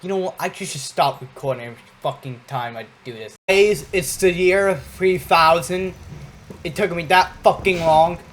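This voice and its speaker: A young gamer giving casual, profane commentary over gameplay, often mumbling low and swearing. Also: moderate pace, a little hiss or hum, rough recording. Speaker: gaming youtuber.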